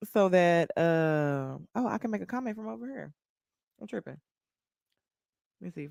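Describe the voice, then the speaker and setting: A woman's voice: on the low side, creaky, smooth, no echo, studio quality. A woman from Texas chatting casually on a livestream as a podcaster, talking straight to viewers, calling out their names and swearing freely. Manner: animated, profane, reacts to viewer comments.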